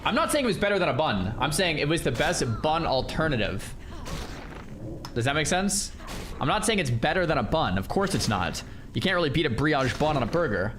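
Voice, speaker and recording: A male streamer chatting casually with his viewers in an animated, incredulous way. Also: a little high, a little fast, background noise. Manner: animated, incredulous, talks to chat. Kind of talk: casual livestream chat.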